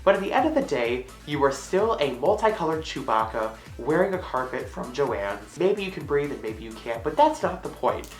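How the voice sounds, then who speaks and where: A woman vlogging a random comedic monologue to camera, sassy and hyper, bursting into loud squealed exclamations. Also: rumbling low, sing-song, normal speed, few pauses. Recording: echoey room, faint music.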